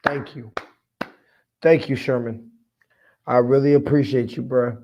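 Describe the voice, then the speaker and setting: A man's voice: medium pitch, steady tone, unhurried, a little mellow, dull audio. A man hosting a fan sports podcast, fired up, profane and rambling with lots of "I mean". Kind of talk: casual fan commentary.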